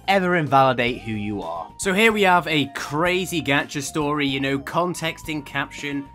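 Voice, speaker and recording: A man's voice: a little high, sharp tone. A young man doing comedic reaction commentary, sarcastic and laughing often, breaking into mocking voices. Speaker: YouTuber reacting to posts.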